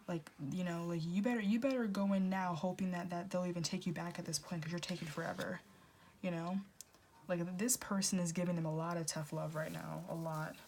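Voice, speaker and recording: A woman's voice: on the low side, fairly even intonation, fairly quick, darkish tone, slight background noise. A woman in her twenties giving a blunt, rambling pick-a-card tarot reading, full of restarts and fillers, swearing freely. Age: 20s. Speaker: tarot reader.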